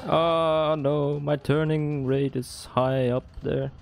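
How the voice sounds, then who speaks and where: A man giving casual live gameplay commentary as a streamer, excitable, swearing and laughing often. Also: fairly high pitch, slow pace, creaky, soft background music. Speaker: gaming streamer.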